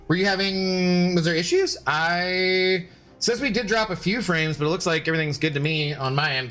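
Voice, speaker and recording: A man's voice: a little high, bright, forceful tone. A young man streaming a game, chatting casually and jokingly with his viewers as he plays. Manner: chatty, rambling, joking with chat.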